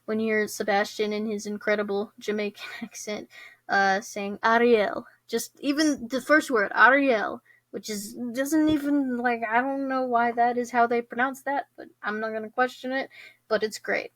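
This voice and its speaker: A woman's voice: fairly high pitch, fairly even intonation, normal speed, dry recording. A young woman hosting her own podcast in casual chat, bubbly and giggly, with many fillers and restarts. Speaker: podcast host.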